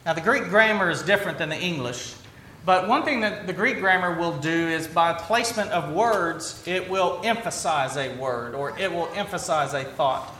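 A man's voice: a little high, lively intonation, pushed and bright, slight background noise. A man preaching a conversational sermon in a church, often restarting and filling with ums. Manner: conversational, halting with restarts and fillers. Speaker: pastor. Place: church sanctuary. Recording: roomy church echo, faint ambience.

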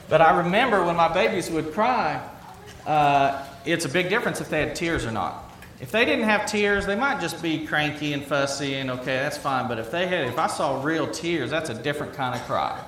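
A middle-aged man preaches in a talky, conversational manner, his voice a little higher than usual for a man. He poses question after question and echoes his own phrases for emphasis. The room rings with echo, and a faint hum of ambience sits underneath. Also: a bit bright. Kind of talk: sermon.

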